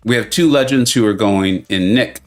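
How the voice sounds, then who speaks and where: A man's voice: on the low side, moderate pace, soft background music. A man hosting a game-tournament watch party live stream, chatting casually and greeting viewers by name with self-mocking humor. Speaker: livestream host.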